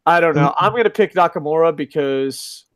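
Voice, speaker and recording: A middle-aged man with a fairly high voice talks loosely on a live stream, reading out chat and cussing with easy laughter. The sound is dry and close. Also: a little fast, no room sound. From lives in Japan. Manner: profane, joking, laughs often. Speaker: podcast host reading chat.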